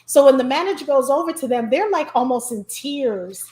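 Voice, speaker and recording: A high-pitched woman with a New York accent talks in an animated, emphatic way as she hosts a casual interview. Her voice rings in a roomy, echoey space. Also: moderate pace. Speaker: host.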